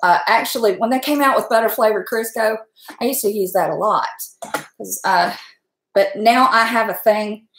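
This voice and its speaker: A middle-aged woman, hosting a casual cooking stream from her home kitchen, folksy and chatty, laughing often and talking fast from nerves. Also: medium pitch, fairly bright tone, slight background noise. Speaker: home cook and channel host. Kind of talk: casual cooking livestream chat. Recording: echoey kitchen room.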